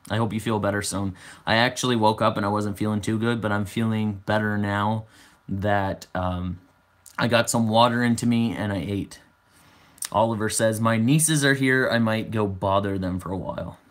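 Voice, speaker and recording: A man's voice: fairly low pitch, steady tone, normal speed. Chatty young man hosting a livestream. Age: 20s. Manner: chatty, answers viewer comments aloud. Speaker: livestream host. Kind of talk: casual livestream chat.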